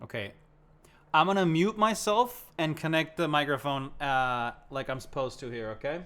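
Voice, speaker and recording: Young man, streamer, slightly high voice, excitable, casual swearing, home setup. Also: normal speed, clear, resonant tone. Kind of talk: casual live-stream chat.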